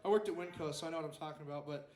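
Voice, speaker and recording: A man's voice: fairly high pitch, rapid-fire, a little mellow, echoey room. A young man telling a rambling story at an open mic stand-up set, acting out the quotes. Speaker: stand-up comedian. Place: small club stage.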